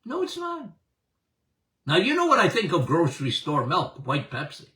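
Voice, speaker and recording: An older man hosting a health podcast, talking emphatically and excitedly to listeners, laughing often. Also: fairly high pitch, brisk, echoey room, distant mic. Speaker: podcast host and health doctor. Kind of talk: animated health talk to listeners.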